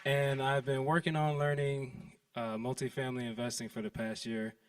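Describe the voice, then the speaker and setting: Male seminar attendee reading an offer letter, steady delivery, distant mic. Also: mid-range voice, moderate pace, slight background noise. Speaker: seminar participant pitching an offer. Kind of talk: reading a letter of intent aloud. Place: event stage before an audience.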